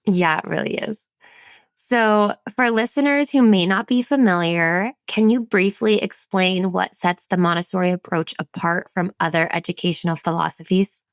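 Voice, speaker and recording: Low, gravelly woman hosting a podcast. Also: moderate pace, no room sound. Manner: enthusiastic, animated storytelling. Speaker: podcast host. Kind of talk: casual interview chat.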